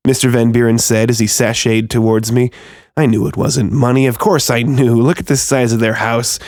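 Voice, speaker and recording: A man narrating a first-person horror story in a tense, steady storytelling manner. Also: mid-range voice, normal speed, dry recording, studio quality.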